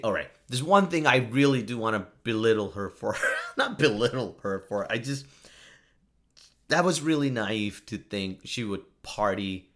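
A man's voice: medium pitch, pushed and bright. A man giving a casual, joking commentary monologue, often laughing at himself. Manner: joking, self-mocking, frequent laughs. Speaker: vlogger.

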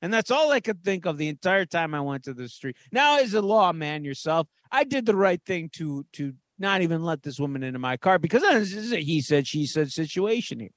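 A man's voice: fairly high pitch, very animated, fairly quick, few pauses, a bit bright, dry recording. A man co-hosting a podcast, telling a story in a casual, theatrical way. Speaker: podcast co-host.

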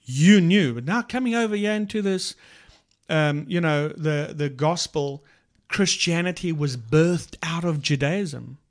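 A man co-hosting a casual faith talk, retelling Bible stories in an unhurried way with many restarts. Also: a little high. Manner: slow, unhurried storytelling with restarts and laughs.

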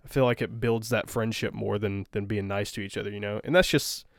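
A man's voice: on the low side, steady tone, a little fast, creaky, no room sound. A man joking and swearing in casual podcast talk with friends. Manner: joking, profane. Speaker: podcast co-host.

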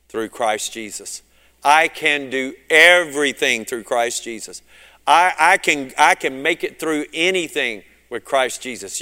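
Southern male pastor, fervent sermon delivery, bright forceful tone, long hall reverb. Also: a little high. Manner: fervent preaching, surging and dropping in loudness.

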